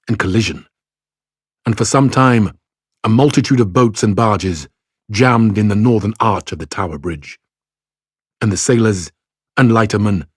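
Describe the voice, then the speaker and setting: A man reading passages of a classic novel aloud in a measured, even delivery. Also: on the low side, slightly rough, no echo, studio quality. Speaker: reader.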